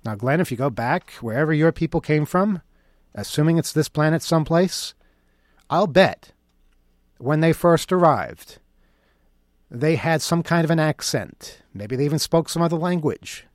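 A man's voice: a little high, lively intonation, normal speed, no echo, studio quality. A man delivering an opinion monologue in a sarcastic, mocking tone. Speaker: commentator.

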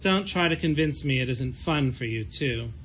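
A man's voice: mid-range voice, animated, normal speed, a bit bright, slight background noise, natural voice. A man reading the lines of a wry woman photographer on a stakeout, with dry, understated delivery. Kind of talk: reading fiction aloud.

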